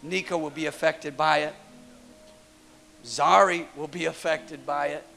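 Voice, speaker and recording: A man preaching to his church in a bright, high voice with a gravelly edge. He tells stories with lively energy and often repeats words as he builds toward a point. Soft music plays behind him. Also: a little slow. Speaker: pastor. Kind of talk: sermon.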